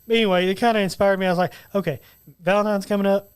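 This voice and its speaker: A man co-hosting a casual studio podcast, rambling and reciting lyrics slowly. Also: high-pitched, steady tone, smooth. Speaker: podcast co-host.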